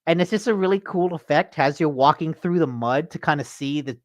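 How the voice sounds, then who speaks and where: A man hosting a casual gaming podcast, an animated storyteller who swears freely. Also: a little high, a little fast, no echo, studio quality. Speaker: podcast host.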